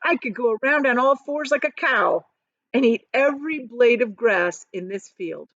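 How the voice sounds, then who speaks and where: A woman voicing a cheerful old grandfather who talks with excited delight. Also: fairly high pitch, moderate pace, no echo, muffled recording, voice pushed up.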